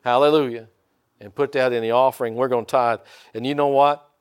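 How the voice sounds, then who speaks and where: An older pastor from Indiana preaches a sermon in a folksy style, frequently calling on the congregation for amens. His medium-pitched voice is steady and clean, and he speaks fairly quickly.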